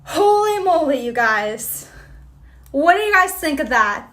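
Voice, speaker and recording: Woman host, high bright voice, bubbly and exclamatory, chatty live stream with viewers. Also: very animated, measured pace. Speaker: livestream host. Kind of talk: casual livestream chat, reading viewer comments.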